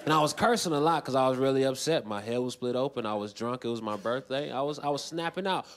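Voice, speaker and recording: A man in his twenties doing a stand-up comedy set on a festival stage, dry and deadpan, breaking into loud shouted voices. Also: mid-range voice, quick pace, slight background noise. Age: 20s. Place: large festival stage with a laughing audience.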